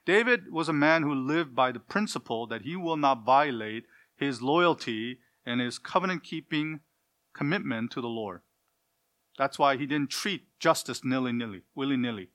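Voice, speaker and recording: A man preaching a sermon in an earnest, pleading way, asking his listeners direct questions and shifting between loud emphasis and quiet passages. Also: medium pitch, lively intonation, normal speed.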